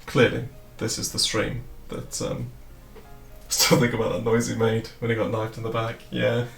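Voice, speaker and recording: A man hosts a casual livestream, rambling and swearing freely. His voice has a gravelly edge, sits at a middling pitch, and carries a roomy echo with faint music underneath. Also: monotone, moderate pace. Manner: loose, rambling, swears and laughs often. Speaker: crypto trading streamer.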